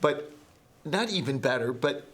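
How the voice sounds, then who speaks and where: A man's voice: mid-range voice, animated, unhurried, a bit bright. A middle-aged man, a guest author, talking enthusiastically in a podcast interview and acting out example phrases. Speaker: guest, language textbook author.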